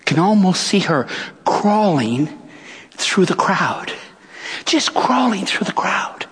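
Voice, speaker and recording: A middle-aged male pastor preaching a sermon, with dramatic pauses and rhetorical questions. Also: high-pitched, big pitch swings, breathy edge. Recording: long church reverb.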